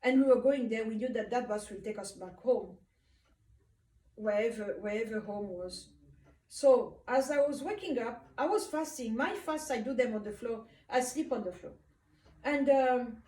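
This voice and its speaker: A woman from Africa giving a personal testimony about a dream, in an unhurried, hesitant way with frequent pauses and fillers. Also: on the high side, darkish tone. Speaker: speaker recounting a dream. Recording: roomy, distant from the mic.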